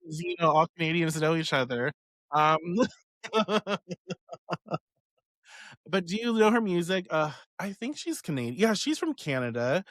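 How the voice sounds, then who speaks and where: A man's voice: fairly high pitch, very animated, a little slow, pauses often, a bit bright, no echo. A man hosting a casual question-and-answer chat, rambling and swearing freely as he goes. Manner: rambling, swears freely, many fillers and asides. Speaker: host answering community questions on witchcraft.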